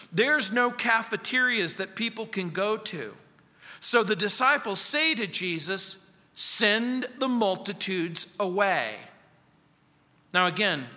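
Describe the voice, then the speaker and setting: A male pastor preaching an expository sermon, acting out quoted voices and dropping to soft, quiet lines for emphasis. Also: high-pitched. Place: church sanctuary. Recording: long church reverb.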